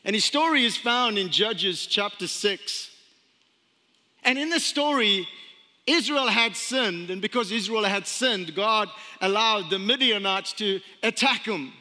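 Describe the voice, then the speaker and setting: A man in his thirties preaching a sermon as pastor, chatty and storytelling, repeating phrases and slowing down for emphasis. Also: high-pitched, expressive, bright, forceful tone. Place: church sanctuary. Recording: long hall reverb.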